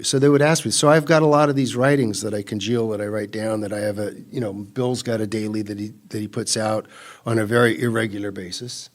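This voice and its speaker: A man's voice: lowish voice, fairly even intonation, brisk. A man from California speaking at a recovery retreat, rambling through his story with many restarts and easy laughter. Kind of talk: personal talk at a recovery retreat.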